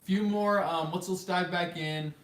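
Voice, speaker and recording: A man's voice: sits high, fairly even intonation, a little slow, a bit bright. A man hosting a live Q&A chat, reading viewer comments aloud and laughing often. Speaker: host. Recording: roomy sound, mic at a distance.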